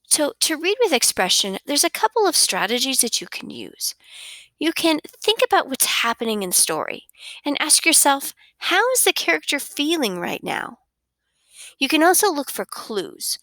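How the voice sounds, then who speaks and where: Woman, teacher, children's reading lesson, expressive sing-song delivery, animated pitch. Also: moderate pace, no echo.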